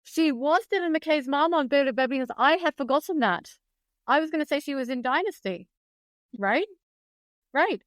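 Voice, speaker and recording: A woman's voice: sits high, animated, moderate pace, dry recording. A woman from Britain, a guest biographer on a podcast, speaking in an articulate, precise and opinionated way. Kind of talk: podcast discussion.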